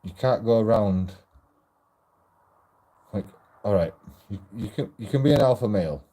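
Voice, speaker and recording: Male vlogger, low deep voice, very mellow and dark, rambling, profane, talks while walking outdoors. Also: moderate pace. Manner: rambling, profane, self-interrupting. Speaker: auditor vlogger. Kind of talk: rambling casual monologue.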